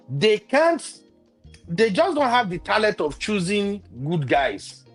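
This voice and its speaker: A man, a co-host in a casual talk show, giving strong opinions in a lively way and laughing often. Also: sits high, slow pace, faint music behind. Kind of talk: casual chat.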